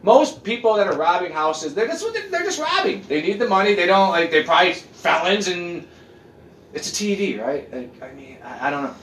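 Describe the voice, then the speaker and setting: A man's voice: high voice, normal speed, slight background noise. Swearing man ranting on a podcast. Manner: profane, animated ranting. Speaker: podcast host. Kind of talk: casual podcast chat. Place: living room at home, on a couch. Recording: echoey room.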